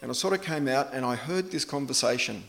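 A man's voice: mid-range voice, brisk, gravelly, fairly bright tone. Conversational preacher man. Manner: conversational, anecdotal, self-deprecating. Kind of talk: sermon.

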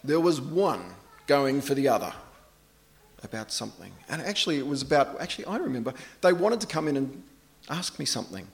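A middle-aged man preaching a sermon in a relaxed, anecdotal way, poking fun at himself. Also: medium pitch, a little fast, gravelly. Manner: conversational, anecdotal, self-deprecating.

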